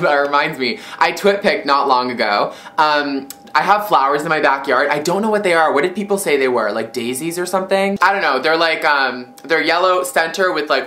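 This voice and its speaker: A young woman chatting through a beauty product review with a bright, forceful voice. She's bubbly and giggly, with plenty of "like" and "um" in her casual, scattered delivery. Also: low voice. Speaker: beauty vlogger.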